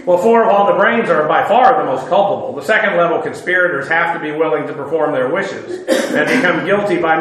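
A man with a high, slightly bright voice preaches a conversational Bible-teaching sermon in a very echoey room. His style is informal, dotted with filler "uh"s and dry, sarcastic asides.

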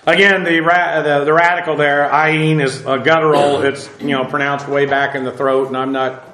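A middle-aged man with a notably high voice, preaching and teaching through scripture in a plain, conversational way. He pauses often with fillers and restarts his phrases. His voice rings in an echoey room. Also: flat delivery, sharp tone. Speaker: pastor. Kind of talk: sermon.

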